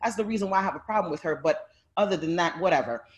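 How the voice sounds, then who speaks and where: A woman's voice: lowish voice, racing. A woman guest on a video call, telling family stories in a heated, fiery way and swearing often. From Haitian heritage. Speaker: panel guest. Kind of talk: heated personal testimony.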